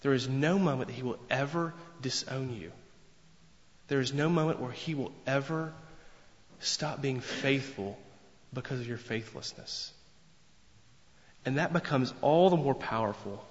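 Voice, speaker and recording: A man preaching a sermon in an earnest, emphatic way, repeating phrases for weight. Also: medium pitch. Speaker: pastor. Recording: long reverb, dull lo-fi sound.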